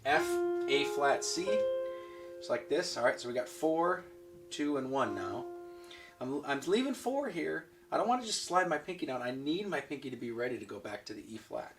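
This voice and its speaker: A man's voice: mid-range voice, very animated, moderate pace. Man teaching piano, counting beats aloud. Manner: patient, counting beats aloud while demonstrating. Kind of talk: online piano lesson. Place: room with a piano. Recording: recorded from a distance with piano playing.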